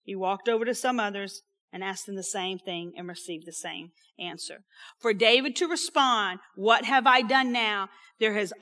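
A woman preaching a sermon, animated, dropping to a hushed whisper for emphasis and checking in with "okay?". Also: medium pitch. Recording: long hall reverb.

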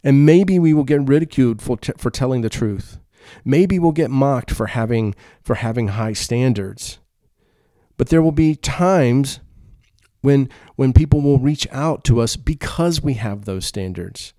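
A man preaching a sermon in an earnest, conversational way. His voice is mellow and warm, at an ordinary pitch for a man. The sound is dry and close, with no room echo. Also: lively intonation, unhurried. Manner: earnest, conversational, repeats words. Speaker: pastor.

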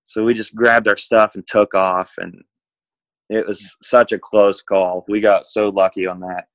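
A man from the United States tells a long travel story in a loose, rambling way, with lots of filler words. His voice sits a bit low. The sound is dry and close, with no room echo. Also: flat delivery, unhurried. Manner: rambling, laid-back, lots of "like". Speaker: guest. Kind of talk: casual storytelling.

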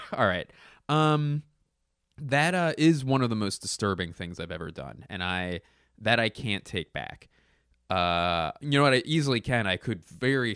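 A man's voice: fairly low pitch, fairly bright tone, clear, resonant tone, no echo, clean studio sound. A man hosting a solo podcast from home, rambling, jokey and self-deprecating into a podcast microphone. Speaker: podcast host. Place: home room.

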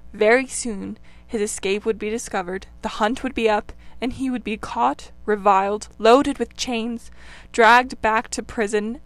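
A woman narrating a classic children's novel in an expressive, dramatic reading. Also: medium pitch, dry recording. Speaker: audiobook narrator. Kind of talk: storybook narration.

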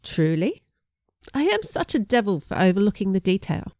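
A woman's voice: medium pitch, very animated, normal speed, a little mellow, dry recording, studio quality. A woman voicing a stern, wry middle-aged man with an English accent in an audiobook. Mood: dry, evasive. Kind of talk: audiobook character voice.

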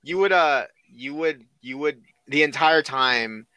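A young man co-hosting a casual podcast with friends, teasing them in an animated, exasperated way. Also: fairly high pitch, unhurried, smooth, no room sound, poor audio. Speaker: podcast co-host. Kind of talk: casual chat among friends.

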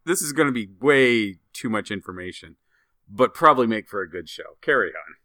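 A man's voice: on the low side, lively intonation, fairly quick, pushed and bright, no room sound. A man in casual podcast banter, wryly picking apart a joke. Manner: wry, picks jokes apart. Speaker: podcast co-host. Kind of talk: casual comedic chat.

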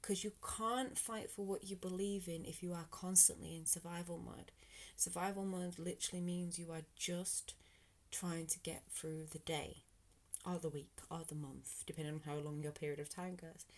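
Earnest British woman, lower voice. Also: steady tone, normal speed. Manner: earnest, rambling, motivational, sometimes drops to a whisper. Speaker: podcast host. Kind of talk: reflective solo podcast monologue.

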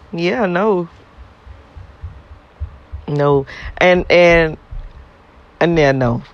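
A man's voice: on the high side, drawn-out words, long pauses, dull audio. A man in a casual, blunt, profane rant to his viewers, repeating himself and laughing between points. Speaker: vlogger.

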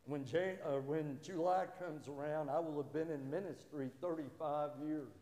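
A man's voice: on the high side, moderate pace, warm tone. A man preaching a sermon as a pastor in a church, with rising fervor. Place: church sanctuary. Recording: echoey hall.

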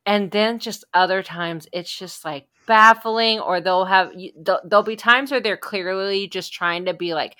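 A woman co-hosting a podcast in casual chat, animated and emphatic, laughing easily. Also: fairly low pitch, moderate pace. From United States.

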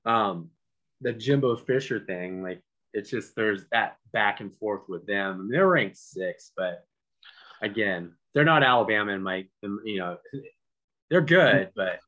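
A man co-hosting a podcast, talking sports in an animated way, full of incredulous, sarcastic asides. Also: fairly low pitch, unhurried, dull audio. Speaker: podcast co-host. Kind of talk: casual sports chat.

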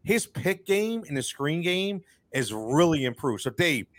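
A man's voice: fairly high pitch, very animated, unhurried, a bit bright, no room sound. A man hosting a sports podcast, ranting with heat and repeating himself as he gets going. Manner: fired-up, ranting, repeats words. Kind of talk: casual sports talk with ad reads.

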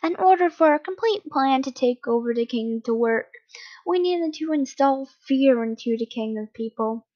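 This is a smug male henchman who draws out his taunts with mock politeness, as a woman reading the story puts him on. His voice sits a bit high and the recording has a slightly muffled, lo-fi sound. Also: animated. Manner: mocking, drawn-out taunting.

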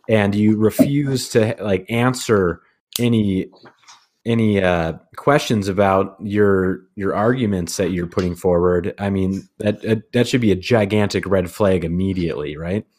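This young podcast host talks in a loose, rambling way, circling back and restarting his sentences. His voice sits fairly low, and the tone is relaxed, everyday chat. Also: a little slow. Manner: rambling, with many restarts and fillers. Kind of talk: casual chat.

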